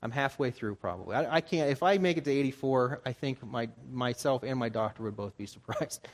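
A man in his forties giving a sermon as a pastor, talking in a conversational way and jumping higher for emphasis. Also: a little fast. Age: 40s. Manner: conversational, animated, jumps into higher pitch for emphasis.

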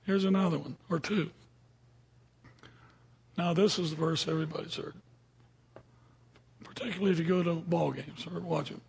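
A man's voice: on the high side, steady tone, moderate pace, creaky, pauses often, a little mellow, breathy edge. A man teaching from the Bible in a casual, conversational way, often asking his listeners questions. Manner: conversational, asks the audience questions. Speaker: preacher.

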